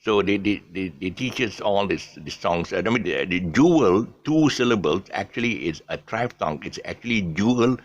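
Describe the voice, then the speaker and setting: A middle-aged man, giving an off-the-cuff pronunciation lesson, repeating each word many times and drifting into soft asides. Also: sits low, animated, moderate pace, few pauses, highs cut off. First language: Eurasian family speaking English as mother tongue. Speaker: English pronunciation teacher.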